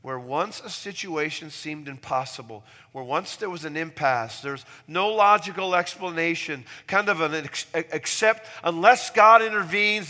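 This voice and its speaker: Pastor, male, bright forceful voice, sermon delivery with loud emphatic peaks, long hall reverb. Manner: preaching with sudden loud emphatic peaks and soft low asides.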